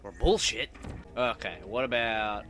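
A young man giving casual, swear-heavy commentary while playing a video game, excitable and prone to sudden loud yelps. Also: lowish voice, a little slow, slight background noise. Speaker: let's play gamer.

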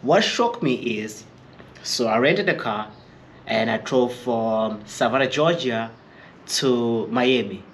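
A man's voice: mid-range voice, takes it slowly, a little hiss or hum. A man from Africa, telling stories to camera in a chatty, rambling way and acting out the people he quotes. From Eastern Free State, South Africa. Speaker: chef vlogger. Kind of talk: casual storytelling to camera.

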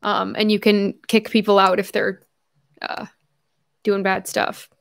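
A young adult woman hosting a casual livestream from home, chatting effusively and reading viewer messages aloud with quick asides and self-corrections. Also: medium pitch, little pitch movement, creaky. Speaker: livestream host.

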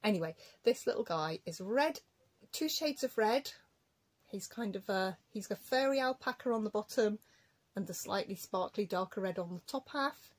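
A woman's voice: medium pitch, lively intonation, moderate pace, slightly rough, low-quality recording. A woman chatting casually to camera as a cross-stitch vlogger, rambling and self-deprecating at home.

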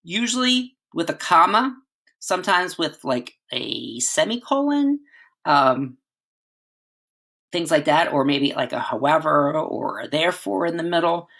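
Middle-aged male teacher, bright tone, casual classroom explainer. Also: fairly high pitch. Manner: conversational, frequent "right?" and "all right" checks. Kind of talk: writing lesson.

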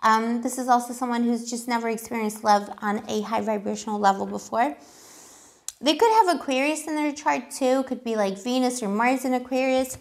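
Woman, tarot reader, casual monologue, chatty, giggly, lots of fillers, slightly high voice. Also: moderate pace.

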